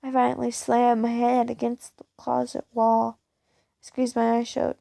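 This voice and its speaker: A woman reading a first-person fan fiction story aloud in a plain, unhurried way. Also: on the high side, monotone, gravelly, dark tone, no room sound.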